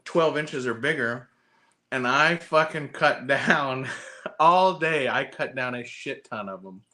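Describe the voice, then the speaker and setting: A man in casual podcast conversation, spinning a long, rambling anecdote laced with profanity. His voice is bright and forceful, and he keeps restarting sentences as he goes. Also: mid-range voice, slow. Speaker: podcast host. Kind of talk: casual chat.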